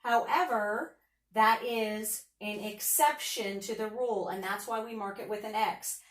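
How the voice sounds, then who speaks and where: A woman's voice: medium pitch, fairly even intonation, a little slow, echoey room, far from the mic. A woman teacher giving a patient phonics lesson, sounding out letters and words for young students.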